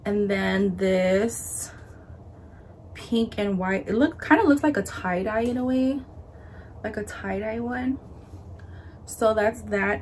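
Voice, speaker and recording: In this relaxed haul video, a young female vlogger walks through baby clothes, showing each piece to the camera while peppering her speech with "um" and "like." She talks slowly with frequent pauses, her medium-pitched voice slightly mellow and a little out of breath, over light background noise.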